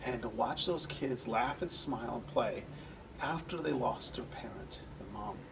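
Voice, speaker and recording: A man's voice: medium pitch, animated, a little slow, vocal fry, distant mic, background noise. Earnest man telling stories from off-mic. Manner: earnest, rambling storyteller who acts out quoted voices. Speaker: guest, entertainment center manager. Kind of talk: conversational storytelling interview.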